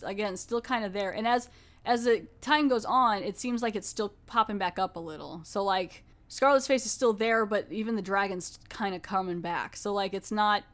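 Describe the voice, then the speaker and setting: A woman hosting a podcast, casually recapping a TV horror episode in a rambling, conversational way, with lots of "like". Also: mid-range voice. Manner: rambling, filler-heavy, conversational. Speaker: podcast host.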